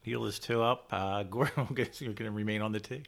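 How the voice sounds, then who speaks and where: A man acting as quizmaster on a casual podcast, reading questions steadily and announcing answers crisply. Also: lowish voice, a little fast.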